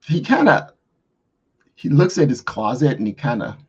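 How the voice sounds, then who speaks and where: A man playing a tabletop game, answering slowly and hesitantly. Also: medium pitch, big pitch swings, a little mellow, slightly rough. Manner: slow, hesitant, with laughs. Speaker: player. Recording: dull lo-fi sound.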